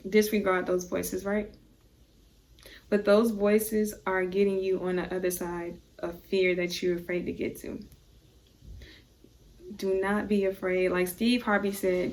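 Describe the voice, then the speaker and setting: Woman, medium pitch, motivational vlog talk, earnest, emphatic, repeats herself. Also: little pitch movement, measured pace, darkish tone. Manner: earnest, pleading, addresses viewers as guys; repetitive, emphatic phrasing. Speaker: vlogger.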